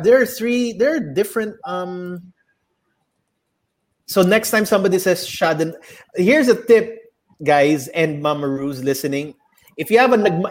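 A young Filipino man with a Filipino accent, co-hosting a casual podcast chat, animated, slipping into Tagalog and swearing. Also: fairly high pitch. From Philippines. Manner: animated, mixes Tagalog into English, swears, mock voices. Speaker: podcast co-host.

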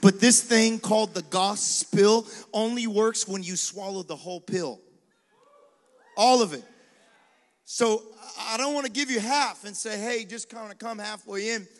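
A male pastor preaching a sermon in a lively, conversational style, with quick acted asides and dares to the congregation. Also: high voice. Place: large venue with live congregation. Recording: long hall reverb.

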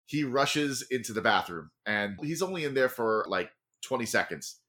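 A woman narrating scenes as game master in a tabletop game, in a lively, quick manner. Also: rumbling low.

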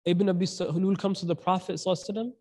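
A man giving a casual, animated sermon, telling a story in everyday slang and acting out the people in it. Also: high voice, very fast. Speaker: preacher.

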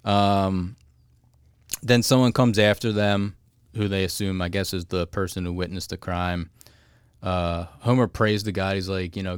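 Recapping a cartoon episode on his podcast, this man laughs frequently and rattles off quotes in quick put-on voices. His low, clear, resonant voice shows little pitch movement, and the studio recording is clean and echo-free.

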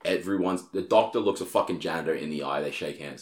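Young aussie guy, real low voice, cursing and rambling, echoey room. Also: fast. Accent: Australian. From Australia. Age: young adult. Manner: profane, rambling, animated storyteller. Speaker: comedian and podcast host. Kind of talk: casual chat.

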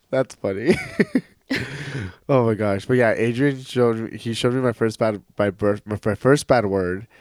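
A podcast co-host with a mid-range voice talks a little slowly, telling animated stories in casual chat and laughing often. The sound is studio quality with no echo.

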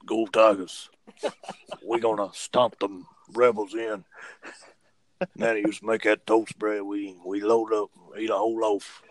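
A man putting on a gruff older football coach with a low, growling drawl that barely moves in pitch. It is a comedic impression with a boastful edge. The recording is dry and close. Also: flat delivery, unhurried, no echo, close to an everyday voice, poor audio.

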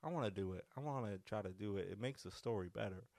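A man hosting a podcast who tells stories casually, rambling and animated, with many restarts. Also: on the low side, quick pace, dry recording. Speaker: podcast host. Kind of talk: casual storytelling.

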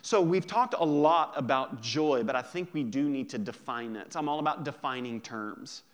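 A man pastor preaching a sermon in a conversational, joking way, drawing out key words slowly for emphasis. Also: medium pitch.

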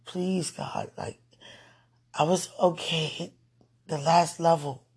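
A man recording an emotional late-night vlog, overwhelmed and near tears, pleading and sighing in breathy whispers. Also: on the high side, fairly even intonation, takes it slowly, a little mellow. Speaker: vlogger.

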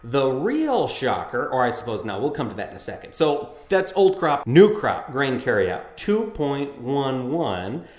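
A man's voice: medium pitch, very animated, unhurried, few pauses, a little mellow, roomy sound. A man co-hosting a farm news talk show, chatting casually and reading grain market figures in a folksy way. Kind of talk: casual radio chat and market report.

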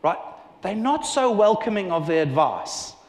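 Male preacher, fairly high voice, animated storyteller; roomy hall reverb. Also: a little slow. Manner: animated storytelling with acted-out dialogue. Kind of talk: sermon. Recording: echoey hall with long reverb.

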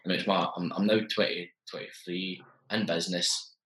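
A young man in his twenties, a guest telling his story in a chatty, animated way and acting out the dialogue. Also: low voice, moderate pace, roomy sound, poor audio. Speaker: interview guest, business owner. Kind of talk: casual storytelling.

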